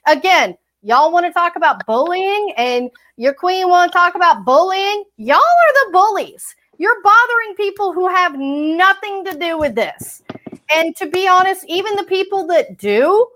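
High voiced lady podcast cohost going off, cursing, sarcastic, fired up. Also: big pitch swings, a little slow, a bit bright. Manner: heated, profane, sarcastic rant. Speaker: podcast co-host. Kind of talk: ranting fan podcast chat.

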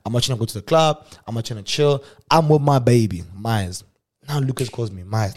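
A young South African man hosting a show, telling a personal story casually and swinging from hushed asides to loud exclamations. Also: mid-range voice, lively intonation, fairly quick, a little hiss or hum. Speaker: podcast host.

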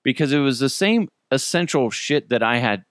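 A man hosting a podcast in casual chat, animated and profane, jumping into other people's voices. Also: medium pitch, moderate pace, no room sound, clean studio sound. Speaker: podcast host.

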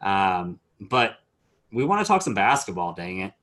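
A man hosts a laid-back sports podcast. His voice sits low, and he jokes along between plenty of filler words. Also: sing-song, measured pace, a bit bright. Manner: loose, joking, lots of "um" fillers. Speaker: podcast host. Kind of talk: casual sports chat.

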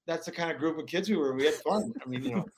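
A man in his forties, a former pro hockey player from Alaska, telling stories in a rambling, animated way with many restarts. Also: on the high side, fast talker, noisy background. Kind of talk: casual storytelling interview.

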